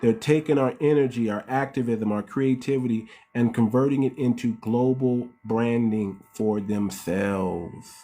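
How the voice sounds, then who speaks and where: Speaking at a measured pace with hardly any pauses, the livestream host has a dark-toned, mid-range voice. He's an American man preaching casually to his viewers, calling them "family" and throwing out rhetorical questions.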